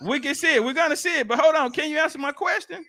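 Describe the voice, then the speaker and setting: A man with a high, ringing voice and an African American Vernacular English accent, pressing his point on a live-stream debate panel over a video call. He cuts in, repeats names and questions again and again, and talks over the others. His tone stays sharp and forceful. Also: fast talker.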